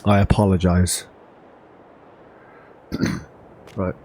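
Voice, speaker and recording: Male gamer, casual rambling commentary, lowish voice, faint background noise. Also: little pitch movement, extremely slow, a little mellow, poor audio. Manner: chatty, rambling, self-correcting. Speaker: gaming channel host. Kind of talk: casual farming game commentary.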